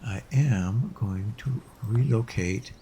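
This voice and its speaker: A man's voice: fairly low pitch, slow, warm tone, a little hiss or hum. A man casually commenting as he plays a game, musing aloud with hesitant restarts. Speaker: let's play host.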